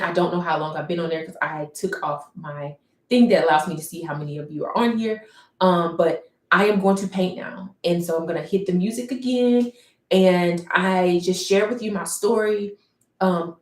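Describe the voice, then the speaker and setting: Woman streamer sharing her story: low-pitched, halting and reflective, recorded in a roomy space. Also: darkish tone. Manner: reflective, searching for words, many fillers and restarts. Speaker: painter livestreaming. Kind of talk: personal storytelling on a livestream. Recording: roomy echo.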